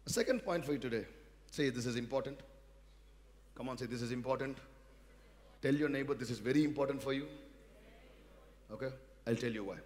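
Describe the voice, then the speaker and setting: An Indian-accented man preaches to his congregation, his voice carrying a long reverb through a big church hall. He leads call-and-response lines and drops to soft asides before surging into loud, emphatic peaks. His pitch sits in an ordinary middle range. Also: fast, pauses often. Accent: Indian English. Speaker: pastor. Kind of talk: sermon.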